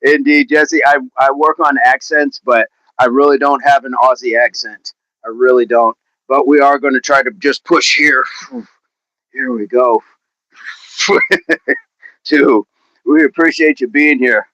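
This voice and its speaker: In an ordinary middle range, a man speaks at a measured pace with a steady yet sharp tone, pausing often. He chats casually on his daily fitness livestream, reading viewer comments aloud while stretching. The audio is dull and lo-fi with no room echo.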